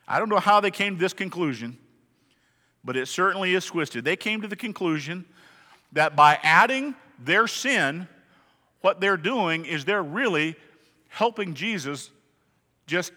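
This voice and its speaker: High bright pastor guy preaching, chatty but emphatic, asks the crowd stuff, lots of church hall echo. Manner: conversational, emphatic, asks the congregation questions. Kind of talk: sermon. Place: church sanctuary. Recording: long reverb of a large hall.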